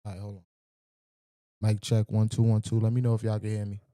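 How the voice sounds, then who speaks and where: A man hosts a livestream and talks straight to his chat in a loose, slangy, profane way. His voice sits low and sounds very dark and mellow. The sound is dry and close. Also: completely flat delivery, brisk, clear, resonant tone, no room sound. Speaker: livestream host. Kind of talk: casual livestream chat with viewers. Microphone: desk microphone with mic checks.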